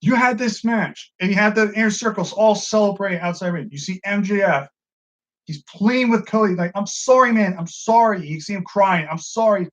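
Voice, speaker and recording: Man, high voice, excitable, swears freely, acts out quotes, wrestling review chat, dull lo-fi sound. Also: brisk. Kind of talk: casual profane commentary.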